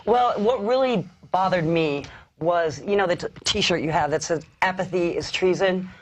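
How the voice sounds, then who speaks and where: A woman reporter in a studio discussion, recounting her street interviews in a relaxed way. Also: lowish voice, normal speed.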